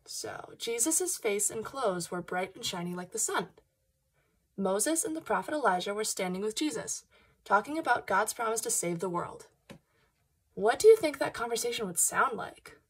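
A woman reads a Bible story aloud to children with a soft, slightly husky voice. Her delivery is lively and encouraging, and she stops often to ask the kids questions. Her pitch sits in the ordinary middle range. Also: normal speed.

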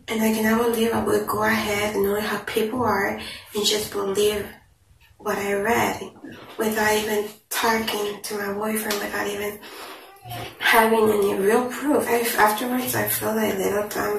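A woman's voice: mid-range voice, little pitch movement, moderate pace, gravelly, recorded from a distance. A young woman vlogger telling a personal story in a chatty, confiding way, full of "like" and "you know". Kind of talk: casual storytime. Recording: echoey room, voice a bit off-mic, noisy.

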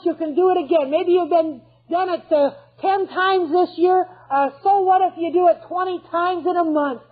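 A woman preaching a sermon in an earnest, emphatic way, putting direct questions to her listeners. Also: high voice. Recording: tinny phone-like recording.

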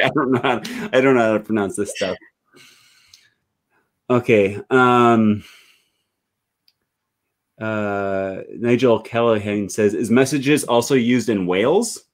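A man's voice: on the low side, slow, pauses often. A male host of a live stream, rambling with many fillers as he reads viewer comments aloud on a video call.

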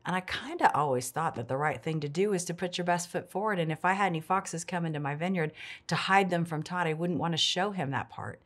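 A woman's voice: fairly low pitch, fairly quick, a bit bright. A middle-aged woman giving an earnest, reflective devotional talk as a ministry speaker.

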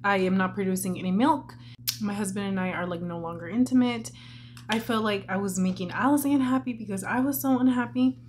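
A woman's voice: medium pitch, fairly quick, a little hiss or hum. A young woman talking candidly and chattily in a casual makeup vlog while she tells a personal story, filling her talk with "like". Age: young adult. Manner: candid and chatty, many "like" fillers. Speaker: vlogger.

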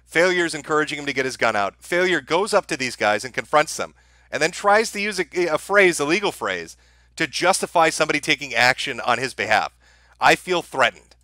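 A man's voice: fairly high pitch, lively intonation, brisk, pushed and bright, dry recording. A man giving mocking commentary over a video clip, sarcastic and laughing at the footage. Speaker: online commentator.

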